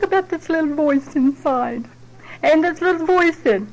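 A woman's voice: sits high, moderate pace, low-quality recording. A middle-aged woman speaks in a slightly raised register. She tells her personal story at a support group meeting in a plainspoken, heartfelt way. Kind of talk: personal testimony.

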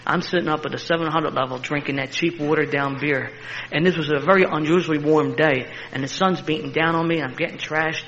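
An older man from Philadelphia, appearing as an interview guest, rattles off a fast personal story, animated and laughing with a street-tough edge. His pitch is fairly high, and the slightly muffled recording has a bit of background noise.

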